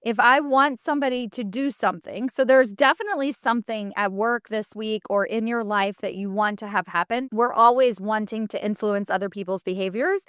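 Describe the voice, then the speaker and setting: A woman hosting a solo podcast, talking to listeners in a candid, story-driven way that moves into practical coaching. Her voice is smooth and clear, at a middle pitch. The sound is close and dry. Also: fairly quick, few pauses, a bit bright, no room sound. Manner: candid, chatty storytelling with self-quotes; coaching, advice-giving. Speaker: podcast host.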